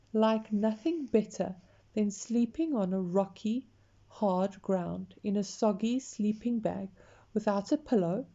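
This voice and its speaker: Woman reading a kids picture book out loud, slow and expressive, dull lo-fi sound. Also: mid-range voice. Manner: slow, expressive, talks to the listener. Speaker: storyteller.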